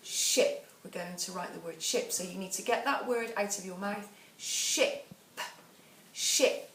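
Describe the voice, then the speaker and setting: A woman teacher giving a phonics dictation lesson, counting down and sounding out words slowly and patiently. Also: mid-range voice. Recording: echoey room, voice a bit far from the mic, faint background noise.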